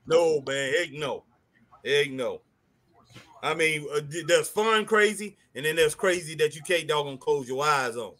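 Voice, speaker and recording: A man co-hosting a live stream in casual chat, excitable and chuckling, ending lines with "man" and "boy". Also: fairly high pitch, a little slow. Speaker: co-host of a wrestling live stream.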